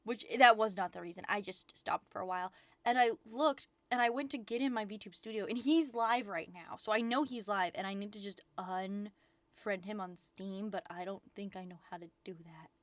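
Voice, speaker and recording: A woman VTuber chatting casually on a livestream, rambling excitedly and swearing often. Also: medium pitch, moderate pace, no room sound. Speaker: VTuber streamer.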